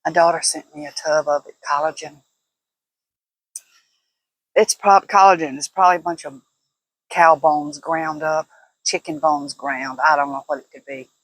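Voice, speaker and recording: A woman's voice: deep voice, fairly even intonation, normal speed, pauses often, no echo, low-quality recording. An older woman chatting casually to camera as a vlogger, laughing often in a folksy way. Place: at home, walking indoors and out.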